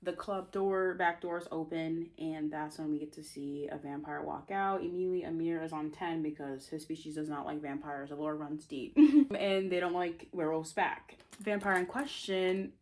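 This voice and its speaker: A woman's voice: low-pitched, fairly even intonation, moderate pace, a little mellow. A young woman casually retelling the plot of her own novel, chatty and full of fillers, often breaking into giggles.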